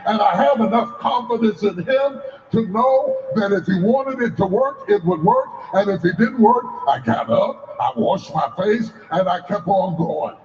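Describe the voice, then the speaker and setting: A man preaching a sermon in a rousing call-and-response style, repeating his lines in a steady rhythm and shouting at the peaks. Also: high-pitched, measured pace. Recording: roomy, slightly dull recording.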